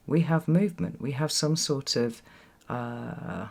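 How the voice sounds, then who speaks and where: This reflective solo tarot reading to camera is delivered slowly in a medium-pitched voice with vocal fry and a slightly mellow quality. The reader repeats words for emphasis and keeps asking "right?" while kids are nearby at home.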